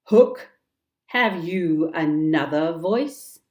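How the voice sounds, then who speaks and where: A woman's voice: lowish voice, animated. A woman voicing a furious blustering pirate captain. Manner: loud, blustering, slow and emphatic.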